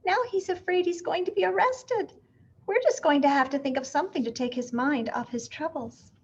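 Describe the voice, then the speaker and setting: A woman's voice: high-pitched, normal speed, muffled recording, a little hiss or hum, voice pushed up. A woman voicing a kindly, motherly woman who reassures others in a fretful way, in a storybook reading. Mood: reassuring. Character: kindly, motherly woman caring for her pet. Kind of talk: storybook read-aloud.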